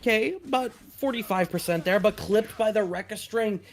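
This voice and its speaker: A fairly high-voiced man calls the action of a fighting game tournament with quick, animated energy and the odd casual swear. Music plays clearly beneath his commentary. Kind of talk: esports play-by-play commentary.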